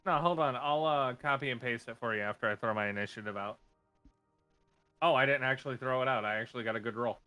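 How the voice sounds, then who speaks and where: Male player, casual chat, bright tone, faint music behind. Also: medium pitch, fast, clear, resonant tone.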